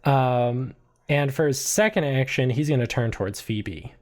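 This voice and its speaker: Relaxed man running a tabletop game, mid-pitched voice, casual, filler-heavy narration. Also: measured pace. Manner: laid-back, filler-heavy, swearing, laughs often. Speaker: game master.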